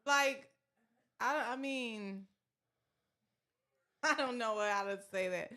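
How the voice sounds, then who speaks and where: A woman's voice: fairly high pitch, drawn-out words, bright, forceful tone. A woman in her thirties with a Southern US accent, chatting casually as a podcast guest, rambling with many fillers and restarts. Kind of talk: casual chat.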